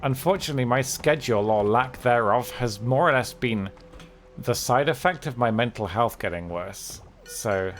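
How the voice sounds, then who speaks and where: A man live-streaming a game, chatting casually in a candid, low-key, downbeat way. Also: normal speed. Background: game music.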